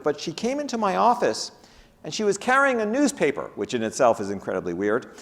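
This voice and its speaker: A man giving a conference keynote, telling case stories and acting out the people in them. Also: a little high. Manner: animated, acts out the people in his stories. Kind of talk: lecture with storytelling. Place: conference hall. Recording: long reverb of a lecture hall.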